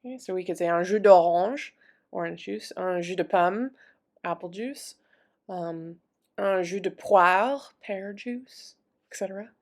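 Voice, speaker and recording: Slow, gravelly-voiced woman teaching French words. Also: fairly low pitch. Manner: repeats each French word slowly, then explains in casual English. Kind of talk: vocabulary lesson.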